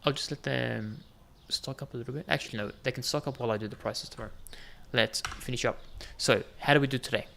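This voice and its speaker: A man's voice: medium pitch, fast talker, gravelly, few pauses, a bit bright, a little hiss or hum. A man giving casual, jokey commentary while playing a game, bantering with the customers on screen. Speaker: gaming video host.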